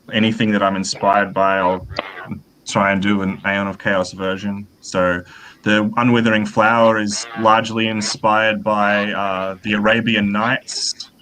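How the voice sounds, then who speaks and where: Low-voiced man talking through ideas. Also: fairly bright tone, slight background noise, low-quality recording. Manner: thoughtful, rambling with many fillers. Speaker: author guest. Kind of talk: casual interview chat.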